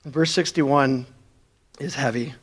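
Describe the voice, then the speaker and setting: A man's voice: medium pitch, steady tone, unhurried, breathy edge. A man preaching a sermon, earnest, with rhetorical questions. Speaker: pastor.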